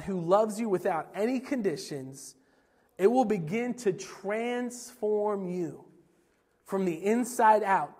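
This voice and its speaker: High-voiced man preaching in a reverberant hall. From Pennsylvania, USA. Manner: earnest, repetitive preaching with chatty asides. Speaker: pastor. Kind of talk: sermon.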